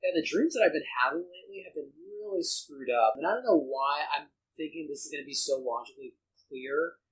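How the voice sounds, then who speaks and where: A man's voice: fairly high pitch, animated, a little fast, rough recording. Rambling, earnest man chatting casually. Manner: rambling, earnest, frequent restarts. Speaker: podcast guest. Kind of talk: casual reaction chat.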